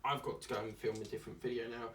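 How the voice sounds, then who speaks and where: A man's voice: mid-range voice, flat delivery, racing, a bit bright, slight background noise. A man hosting a craft channel, chatting casually and rambling from one topic to the next with lots of fillers and jokes. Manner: chatty, digressive, jokey, with many fillers.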